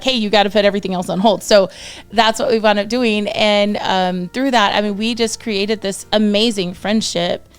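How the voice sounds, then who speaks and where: Woman, Texan accent, thirties, singer guest, smooth clear voice, animated storytelling with acted-out quotes, faint music in the background. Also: mid-range voice. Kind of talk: casual storytelling interview.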